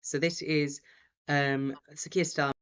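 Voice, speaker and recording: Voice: mid-range voice, level tone, measured pace, fairly bright tone, clear, resonant tone. A host giving casual, rambling live commentary from home, with many fillers and restarts. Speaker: host of a live results stream. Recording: dull lo-fi sound.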